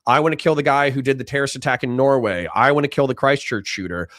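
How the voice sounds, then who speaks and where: A man's voice: medium pitch, quick pace, fairly bright tone, dry recording. Blunt, profane male livestreamer in a dry room. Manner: blunt, profane, reads donations aloud in mock voices. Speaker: livestream host reading chat. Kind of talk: casual livestream chat.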